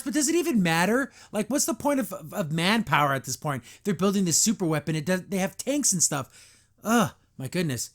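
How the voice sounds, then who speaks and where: A man's voice: high-pitched, very animated, fairly quick. A man hosting a podcast, giving a casual review with exasperated, sarcastic commentary full of "like" fillers. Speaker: podcast host reviewing a cartoon.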